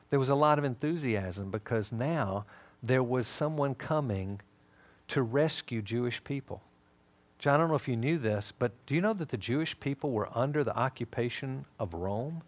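Speaking a little fast at medium pitch, a man delivers a sermon-style Bible lesson, bringing stories to life by acting out the characters' dialogue in an animated way.

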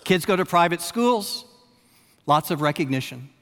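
A man's voice: fairly high pitch, expressive. Preacher man in an echoing hall. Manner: dramatic, repeats phrases with long pauses, swings from loud emphasis to hushed. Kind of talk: sermon. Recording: long reverb of a large hall.

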